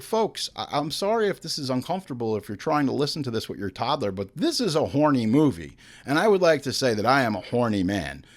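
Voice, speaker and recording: Animated man hosting a horror show. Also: mid-range voice. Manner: animated, crude, joking. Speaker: horror podcast host. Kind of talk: casual movie commentary and read ads.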